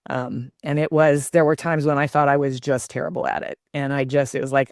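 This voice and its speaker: An older woman, a grandmother, telling family stories as an interview guest, thoughtful and halting with many fillers. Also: very deep voice, little pitch movement, no room sound, clean studio sound. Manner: warm reflective storytelling with many fillers. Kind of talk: casual interview talk.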